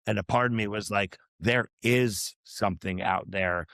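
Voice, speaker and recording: Speaking at normal speed with a fairly low, slightly bright voice and some vocal fry, a male musician guest rambles through a personal story on a podcast. He's earnest and reflective, restarting often and using lots of fillers, and the recording has no room sound.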